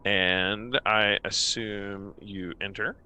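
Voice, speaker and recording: A man's voice: on the low side, steady tone, very slow, bright, forceful tone, slight background noise. A man narrating a tabletop game as game master, meandering with many fillers.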